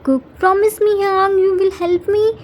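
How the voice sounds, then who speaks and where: A woman's voice: very high voice, level tone, unhurried. A woman voicing a playful, pouty young man who talks in a cutesy baby voice and pleads whinily. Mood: cutesy pleading.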